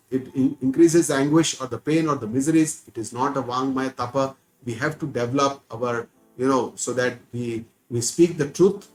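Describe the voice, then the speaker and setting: A man's voice: medium pitch, rough recording. Earnest Indian man teaching scripture. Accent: Indian English. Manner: earnest, repeats words for stress, chants verses slowly. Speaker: Gita teacher. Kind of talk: spiritual discourse.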